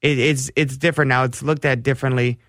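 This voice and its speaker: Male co-host, mid pitch, dry studio sound, heated and exasperated takes. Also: level tone, quick pace, a bit bright, dry recording. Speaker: sports radio co-host. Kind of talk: casual sports talk.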